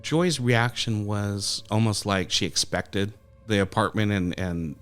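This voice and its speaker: A man's voice: fairly low pitch, measured pace, fairly bright tone, soft background music. A man co-hosting a film review podcast, explaining things at length in casual chat, full of fillers and restarts. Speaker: podcast co-host.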